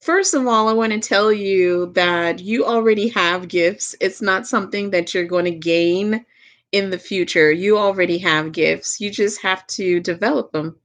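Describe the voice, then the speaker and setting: A woman with a Southern US accent giving a live tarot reading as a medium, gentle and unhurried, repeating her phrases and laughing softly now and then. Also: mid-range voice.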